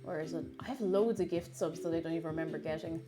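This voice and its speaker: A woman's voice: low-pitched, fast. A young woman chatting casually on a live stream, reading chat aloud and talking with her mouth full. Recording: faint music behind.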